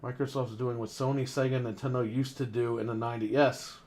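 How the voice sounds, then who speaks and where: A man's voice: mid-range voice, little pitch movement, quick pace, darkish tone. A man co-hosting a gaming podcast, ranting casually, in a heated and profane way. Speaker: podcast co-host. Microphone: desk microphone.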